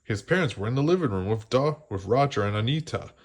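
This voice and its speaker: A man reads a bedtime picture book aloud to children at a medium pitch. He keeps his narration gentle and slows down at the suspenseful moments. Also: animated, husky. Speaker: storybook reader.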